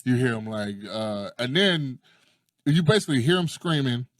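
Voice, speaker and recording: A man's voice: medium pitch, normal speed, dry recording, clean studio sound. A man in casual chat, telling stories with lots of energy, acting out quotes and swearing freely. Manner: animated storyteller who acts out quotes and swears freely.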